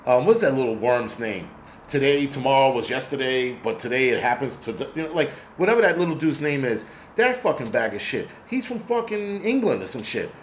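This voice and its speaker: A man's voice: mid-range voice, animated, a little fast, echoey room, a little hiss or hum. A man from the United States hosting his channel, giving an angry, profane, rambling livestream rant full of restarts. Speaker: host.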